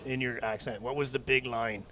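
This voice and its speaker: A man's voice: mid-range voice, steady tone, normal speed, fairly bright tone, a little hiss or hum. A man co-hosting an interview, playfully teasing and egging on his guest. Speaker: podcast co-host. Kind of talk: casual interview chat.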